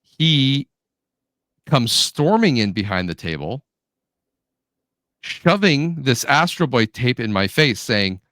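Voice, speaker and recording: A man co-hosts a podcast and tells a story in easy, casual chat, slipping into the voices of the people he describes. His voice sits at an average pitch. The sound is dry and close. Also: slow, pauses often, dry recording. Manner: animated storyteller, acts out quotes. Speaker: podcast co-host.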